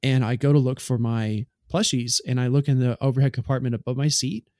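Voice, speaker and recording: A man of middle pitch telling a rambling podcast story, full of "like" and "right?". His speech is casual and anecdotal. The mic is dry and close. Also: steady tone, brisk, a little mellow, no echo. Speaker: podcast co-host.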